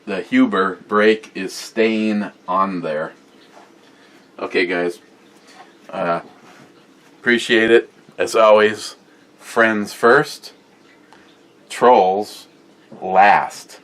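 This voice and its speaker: A man's voice: lowish voice, extremely slow, pauses often, a bit bright. A man hosting a casual beer review vlog, rambling off the cuff with many fillers and reading viewer comments aloud.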